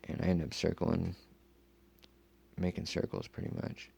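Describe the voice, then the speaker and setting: A man with a very low, gravelly voice tells his story in a loose, rambling way, with lots of cursing and fillers. His tone is dark and mellow. The voice sounds raspy and husky rather than clear. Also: animated, moderate pace. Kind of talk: casual first-person account.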